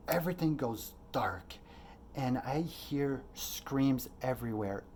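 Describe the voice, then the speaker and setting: A man's voice: medium pitch, a little mellow, slight background noise. A man in his late thirties telling a personal story as a podcast host, earnest and rambling, with frequent fillers and swearing. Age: late 30s.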